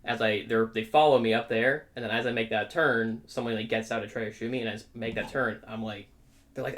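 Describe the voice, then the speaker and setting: Co-hosting a podcast, a young man with a medium-pitched voice shares a story at a fairly quick clip. He keeps it casual and lively, frequently checking in with the person listening.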